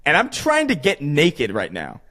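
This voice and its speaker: A man's voice: on the high side, huge pitch swings, measured pace, pushed and bright. A young man telling a story in casual podcast chat, rambling with lots of fillers and swearing.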